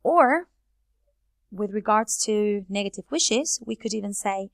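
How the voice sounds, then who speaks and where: A woman with Spanish as her first language gives an English grammar lesson. She speaks at a mid pitch and walks through each rule patiently, reading example sentences off a board. The sound is dry and close, with no room echo. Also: expressive, a little slow, gravelly. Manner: explanatory, reads example sentences aloud from a board. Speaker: English teacher.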